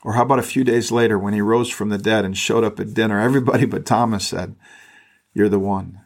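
A man's voice: lowish voice, steady tone, fast talker, creaky. Man reading scripture and preaching conversationally. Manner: reads verses aloud then reflects conversationally, with repeated words. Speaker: pastor. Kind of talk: scripture reading with sermon commentary. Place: podcast recording.

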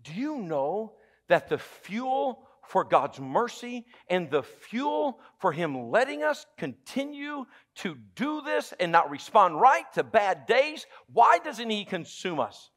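A man with a Southern US accent preaching a sermon as pastor, emphatic and humorous, dropping from loud exclamations to hushed lines and asking the congregation questions. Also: sits high, big pitch swings, slow pace. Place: church sanctuary.

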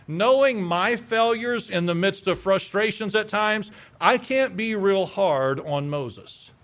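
Preaching man with a higher voice. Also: a bit bright. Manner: preaching with rhetorical questions to the congregation. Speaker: pastor. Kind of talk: sermon.

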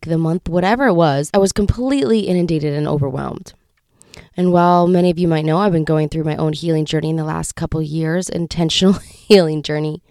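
A woman's voice: lowish voice, vocal fry, dark tone, no room sound, clean studio sound. A woman in her thirties hosting a faith podcast, talking in an earnest, reflective, confiding way. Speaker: podcast host.

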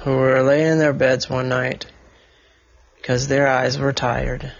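A man's voice: mid-range voice, little pitch movement, a little slow, highs cut off. A father improvising a bedtime story, rambling and correcting himself as he goes.

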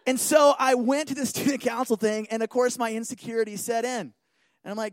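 A man giving an animated talk, telling a personal story and often checking in with listeners. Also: very high voice, fast, no echo. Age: adult.

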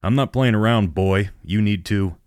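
A man voicing a gruff, foul-mouthed middle-aged innkeeper in a horror audiobook, grumbling and then barking challenges. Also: fairly low pitch, moderate pace, darkish tone, no echo, clean studio sound, lightly acted. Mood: demanding.

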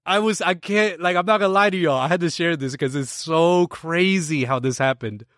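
A man's voice: fairly high pitch, moderate pace, fairly bright tone, dry recording, studio quality. An American man in his late thirties, hosting a podcast and telling a story casually to a live audience, with many restarts and bursts of laughter. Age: 30s. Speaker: podcast host.

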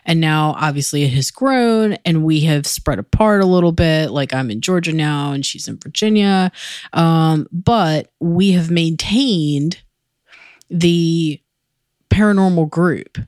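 A woman hosting a podcast, chatting casually, slow and drawling, swearing freely. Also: deep voice, a little mellow, no room sound, studio quality. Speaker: podcast host. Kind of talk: casual chat.

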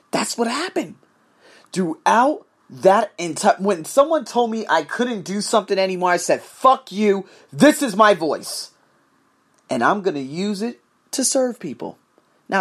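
A man's voice: sits high, slightly rough. A man hosting his own podcast, ranting in a profane, emphatic solo monologue. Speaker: podcast host.

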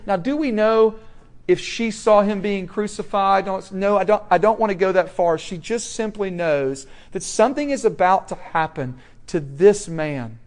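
A young man preaching a sermon, swinging from loud, emphatic questions to soft, hushed warnings. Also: a little high.

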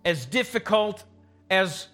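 Slow, bright-voiced male pastor preaching. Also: high-pitched, animated, soft background music. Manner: dramatic storytelling, acting out the quoted voices. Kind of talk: sermon. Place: church sanctuary, recorded live.

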